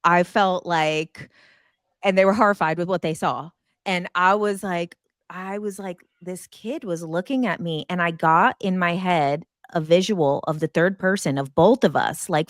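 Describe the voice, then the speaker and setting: A woman in her thirties telling a personal story in casual chat, animated and acting out her own past reactions. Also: a little slow, no room sound, studio quality. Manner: animated, acts out her own past lines in high excited bursts.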